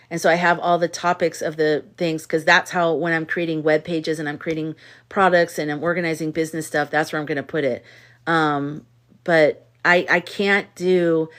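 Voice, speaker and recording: Chatty woman hosting a livestream. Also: fairly low pitch. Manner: chatty, rambling, reads viewer comments aloud. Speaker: livestream host. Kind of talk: casual live chat.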